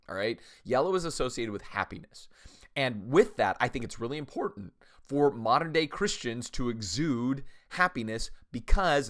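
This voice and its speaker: A middle-aged man hosting a faith podcast, talking casually with energetic, animated emphasis. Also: medium pitch. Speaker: podcast host.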